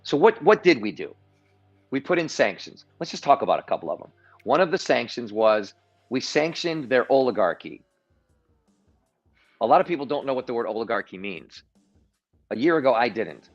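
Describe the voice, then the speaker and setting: Male livestream guest, mid pitch, animated storyteller with frequent restarts, dull lo-fi audio with faint music. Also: normal speed, long pauses. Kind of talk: political commentary on a livestream. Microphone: video call.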